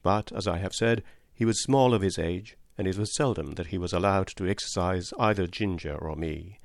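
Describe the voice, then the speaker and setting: A man with a low voice reads a classic story aloud in a steady, measured way. The recording is close and dry, with no room sound around him. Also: no room sound. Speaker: audiobook narrator. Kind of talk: scripted narration.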